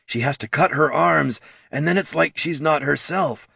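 A man's voice: fairly high pitch, normal speed, creaky, bright, forceful tone, slightly rough, dry recording, distant mic, voice pushed up, heavily acted. A man voicing a huge, frantic troll who bellows and frets in anguish. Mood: fretful.

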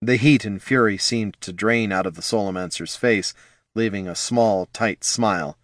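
A man narrating a fantasy audiobook in an expressive storytelling manner. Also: on the low side, moderate pace, dry recording, studio quality.

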